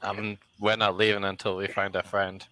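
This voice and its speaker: A man's voice: lowish voice, flat delivery, normal speed, sharp tone, low-quality recording. A man playing a tabletop game, chatting casually with blunt, wry remarks. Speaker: player.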